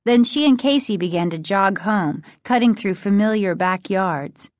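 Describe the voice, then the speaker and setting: A woman narrating a children's horror storybook in an expressive reading. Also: on the low side, moderate pace, few pauses, no room sound. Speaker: audiobook narrator.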